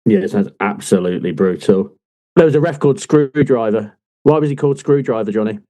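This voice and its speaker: A man co-hosting a casual book chat, lively and quick to laugh, swearing freely as he tells stories. His voice is mellow and warm in tone, with an easy, loose delivery. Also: on the low side. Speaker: podcast co-host.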